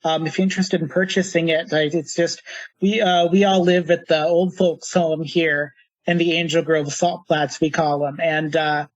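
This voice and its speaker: A man's voice: fairly high pitch, flat delivery, moderate pace, no echo, lo-fi sound, lightly acted. A man voicing an evasive old grandmother in a folksy, rambling way, with a Minnesotan accent. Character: chatty old grandmother at a craft stall, evasive.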